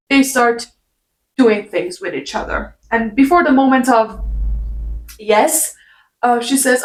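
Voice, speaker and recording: A woman's voice: fairly high pitch, takes it slowly, long pauses. Exasperated woman ranting in an echoey room. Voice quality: exasperated, sarcastic. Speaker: book reviewer. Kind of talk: ranting book review.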